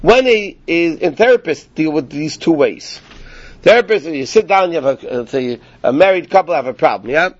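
Teaching Torah informally to a small evening group, this man speaks at a normal speed in an animated, higher-leaning voice. He asks rhetorical questions to explain things and checks in with listeners often, on a dry, lo-fi recording.

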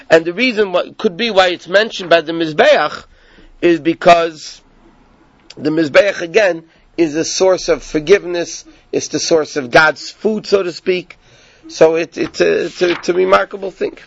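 High-voiced man teaching Torah. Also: moderate pace, no room sound, highs cut off. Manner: animated, rhetorical questions. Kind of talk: Torah class, storytelling.

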